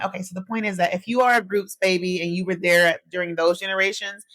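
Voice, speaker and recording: A woman's voice: mid-range voice, fast talker, few pauses, no room sound. A young woman hosting a solo podcast, chatting animatedly to her listeners and telling stories from her own life. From US Midwest. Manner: chatty, animated storytelling, addresses listeners as y'all. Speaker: podcast host.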